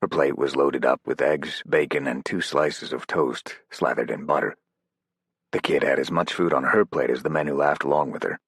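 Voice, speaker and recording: An audiobook narrator with a very deep, gravelly male voice reads scripted narration at a moderate pace. The recording is dry and studio quality.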